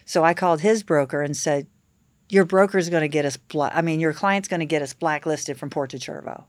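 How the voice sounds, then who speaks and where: A woman with a fairly low voice tells animated stories as a podcast guest, acting out quotes along the way. The sound is dry and close to a studio mic. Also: fairly quick, no room sound. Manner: animated anecdotes with acted-out quotes. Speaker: guest, yacht captain. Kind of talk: casual podcast storytelling.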